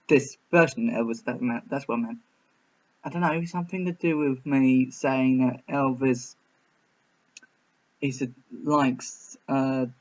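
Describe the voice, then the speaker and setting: A man talks through his thoughts on a film in a casual reaction video. He rambles and hesitates, restarting his sentences, at an ordinary middle pitch. The recording sounds slightly muffled. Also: darkish tone. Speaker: film reviewer.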